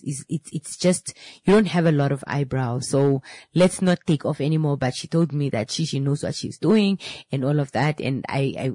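Husky woman telling a salon story. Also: low voice, normal speed, no room sound. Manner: animated, repeats and restarts words. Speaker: beauty salon owner. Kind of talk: casual storytelling to camera.

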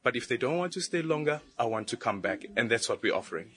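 A man's voice: mid-range voice, animated, fast talker, fairly bright tone. A man, a government official, answering a news interviewer about tourism in an upbeat, promotional way. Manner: upbeat, promotional, fluent with fillers.

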